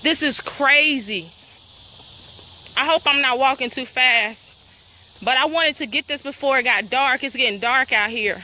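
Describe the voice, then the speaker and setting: Talking to viewers on a walking vlog, a breathless, upset property owner asks pointed questions as she moves along a rural trail full of crickets. She speaks a little slowly in a high-pitched, pushed, bright voice, with a faint hiss or hum on the recording.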